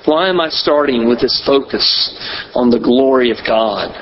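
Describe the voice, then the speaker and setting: A man preaching a sermon as pastor, in a measured style with emphatic pauses. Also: medium pitch, lo-fi sound, background noise.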